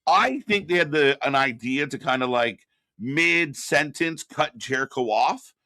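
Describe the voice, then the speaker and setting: A man co-hosts a live wrestling reaction stream in a loose, casual way, often stopping to welcome viewers from the chat by name. His voice sounds bright and forward. The recording is dry and close, with no room echo. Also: medium pitch, lively intonation, measured pace, vocal fry.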